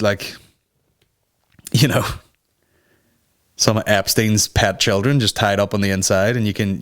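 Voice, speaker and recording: A young man hosting a comedy podcast, crude and sarcastic, swearing often as he rants and mocks people in put-on voices. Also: lowish voice. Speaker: podcast host.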